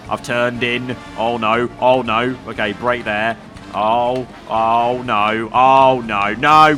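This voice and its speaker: A young man commentating his own racing game play, swinging from low muttering to excited shouting. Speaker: gaming YouTuber.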